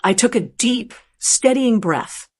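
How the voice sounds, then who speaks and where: Calm woman reading a first-person story. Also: fairly high pitch, slightly rough. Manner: calm, measured, reflective. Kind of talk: scripted first-person narration.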